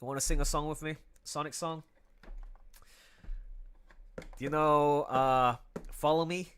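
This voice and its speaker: A man's voice: fairly high pitch, fairly even intonation, a little slow, a bit bright, clean tone. A man who draws comics, chatting casually on a livestream in a playful way, laughing often and breaking into song. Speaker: comic artist streaming his work.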